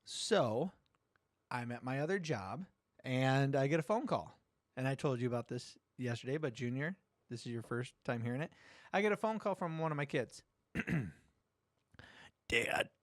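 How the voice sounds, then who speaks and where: A middle-aged man hosting a podcast, telling a story in casual chat, animated, swearing and acting out quotes. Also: mid-range voice, moderate pace, pauses often, no echo, studio quality. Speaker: podcast host.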